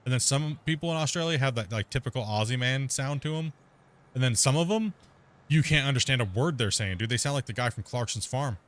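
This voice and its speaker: Male streamer host, rapid rambling casual talk, middle pitch. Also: expressive. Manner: talks extremely fast, rambling with many restarts. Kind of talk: casual gaming chat.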